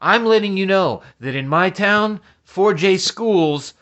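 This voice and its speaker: A man's voice: sits high, lively intonation, takes it slowly, a bit bright, muffled recording. A man ranting as a vlogger, agitated and profane, often stammering and restarting his sentences. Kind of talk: ranting commentary.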